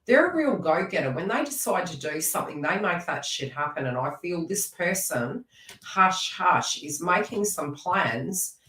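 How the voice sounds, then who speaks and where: Chatty woman, lively low voice. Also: moderate pace, hardly any pauses, roomy sound, recorded from a distance, low-quality recording. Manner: chatty, teasing, talks to viewers by name. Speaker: tarot reader. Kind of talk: live tarot reading.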